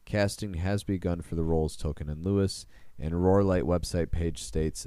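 A man with a very low, deep voice co-hosts a casual podcast chat. He rambles with enthusiasm and laughs often. The sound is dry and close. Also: steady tone, normal speed, few pauses, mellow, clean tone, dry recording. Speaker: podcast co-host.

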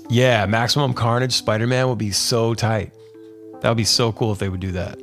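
A man's voice: medium pitch, little pitch movement, normal speed, a bit bright, faint music behind. A man hosting his podcast stream in a laid-back, rambling chat, dropping fillers and calling listeners "dude". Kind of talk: casual live-stream chat.

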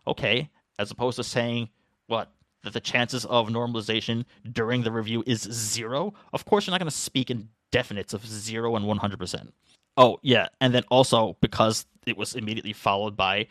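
A man's voice: fairly low pitch, normal speed, fairly bright tone, dry recording, studio quality. A man hosting a market commentary, talking in a sarcastic, rambling way with lots of fillers and restarts. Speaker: market analyst host. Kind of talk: opinionated commentary monologue.

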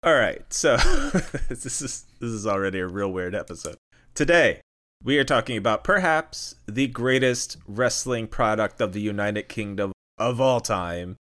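A man's voice: lowish voice, big pitch swings, measured pace, fairly bright tone. A man hosting a comedic podcast, playful and laughing often. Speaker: podcast host.

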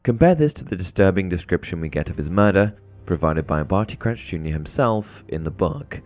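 A man hosting a fan explainer channel, narrating a script with expressive, dramatic emphasis. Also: sits low, fairly quick.

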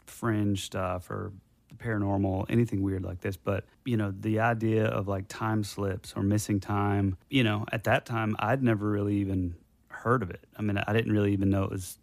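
A man co-hosting a podcast who talks in a reflective, halting way with many fillers. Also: fairly low pitch, level tone, gravelly, no room sound. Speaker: podcast co-host. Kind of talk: casual chat.

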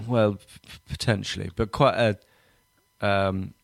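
A man's voice: on the low side, steady tone, takes it slowly, gravelly, no echo, studio quality. A man hosting a podcast in casual chat, joking, laughing often and acting out quoted voices. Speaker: podcast host.

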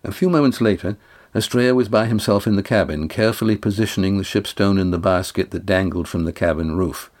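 A man narrating a sailing adventure novel in an even, unhurried way. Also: low voice. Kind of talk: audiobook narration.

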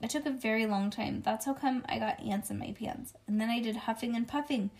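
A woman reading a children's book aloud to a child, expressive and lively. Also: a little high, brisk.

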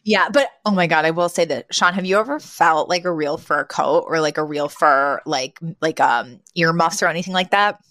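Animated woman on a dry close mic. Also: deep voice, normal speed, few pauses, no room sound. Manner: animated, laughs while talking, fillers. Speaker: podcast co-host. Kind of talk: casual TV recap chat.

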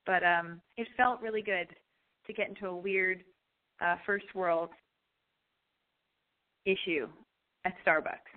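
A woman hosting a call-in show, telling a profane story in an animated, ranting way. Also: fairly low pitch, slow pace, pauses often. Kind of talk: call-in radio monologue. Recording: tinny phone-like sound.

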